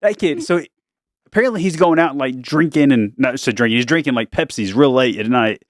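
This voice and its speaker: A man's voice: medium pitch, fairly quick, no echo. A man hosting a casual family podcast, playful and teasing, speaking close to a podcast microphone. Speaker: podcast host and dad.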